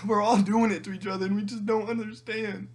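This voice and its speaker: A teenage man in an emotional monologue to camera, tearful and halting, rambling with frequent restarts and swearing. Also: sits high, little pitch movement, husky. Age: teens. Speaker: vlogger.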